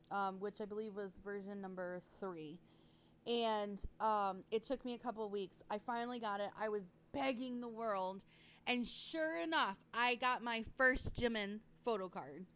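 A woman's voice: fairly high pitch, slight background noise. Rambling, giggly woman podcast host. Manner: rambling, giggly, self-interrupting. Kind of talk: casual chat.

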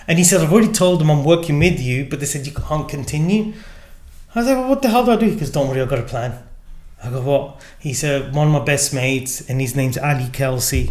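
A man, a gin distillery founder, telling a lively story in conversation and acting out the dialogue. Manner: acts out quoted dialogue with changing pitch. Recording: echoey room.

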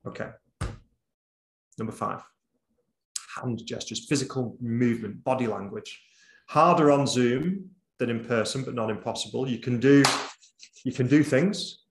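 A man's voice: mid-range voice, a little hiss or hum. A man giving a conversational online presentation, shifting his volume and tempo and sometimes dropping almost to a whisper. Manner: conversational, varies volume and tempo, drops to near whisper at times. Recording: roomy echo.

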